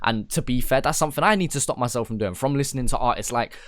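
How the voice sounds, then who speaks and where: A man's voice: medium pitch, quick pace, no room sound, clean studio sound. A man, hosting a podcast and chatting casually and reflectively about rap. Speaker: podcast host.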